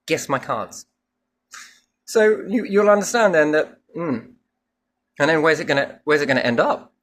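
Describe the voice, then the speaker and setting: A man's voice: on the high side, moderate pace, fairly bright tone. A man rambling through a spiritual monologue, musing and asking himself questions, with casual swearing. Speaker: speaker musing on faith.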